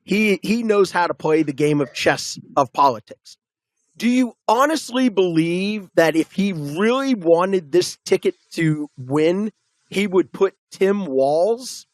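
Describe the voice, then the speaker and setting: A man's voice: sits high, dry recording. A man co-hosting a political talk show, arguing emphatically and firing off rhetorical questions. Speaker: podcast co-host.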